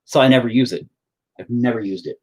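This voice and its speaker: Quick-paced and a little mellow, this man's husky, medium-pitched voice comes through a low-quality recording. He's an artist streaming as he paints at home near the dining table, rambling, joking around and swearing often in casual chat.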